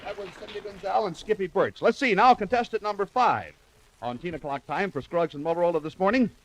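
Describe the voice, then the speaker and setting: A man's voice: high voice, fast, a bit bright. A man hosting a live radio show, chatting and teasing his young guests. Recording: dull lo-fi 1950s radio recording.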